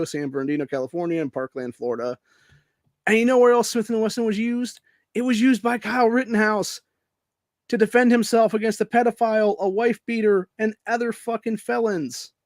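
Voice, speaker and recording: A man's voice: sits high, darkish tone, no room sound, studio quality. An American man hosting a podcast, ranting angrily and profanely in casual speech, peppering his lines with "dude" and "man.". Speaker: podcast host. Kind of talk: angry political rant.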